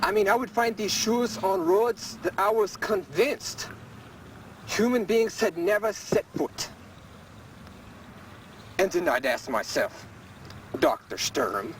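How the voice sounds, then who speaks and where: A man's voice: sits high, a bit bright, exaggerated voice. A man playing an eccentric cabbage tycoon who puts on a fake German accent and talks in a pompous, self-important way, in an amateur 1970s mockumentary. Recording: distant, noisy 1970s field recording.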